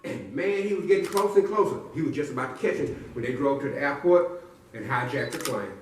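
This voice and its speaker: A man's voice: on the high side, lively intonation, fast, a little hiss or hum. A man telling a silly story to a live audience with playful call-and-response build-ups. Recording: echoey room from far off.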